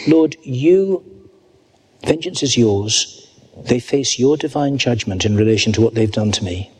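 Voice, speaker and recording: A man preaching a sermon at a church service, earnest and reading scripture slowly and deliberately. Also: mid-range voice, a little mellow, husky.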